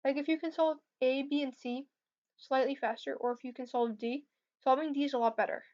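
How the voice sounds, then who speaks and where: A woman's voice: high-pitched, steady tone, brisk, a little mellow. A young woman answering viewer questions about competitive programming on a casual livestream, hesitant with lots of fillers. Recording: slightly dull lo-fi stream audio.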